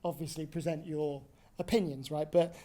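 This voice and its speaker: A woman's voice: low voice, steady tone, moderate pace, warm tone. A woman in her twenties doing a sweary stand-up set in a pub, ranting and tagging lines with "right?". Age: 20s. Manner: swearing, ranting, tag questions. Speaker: stand-up comedian. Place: pub venue.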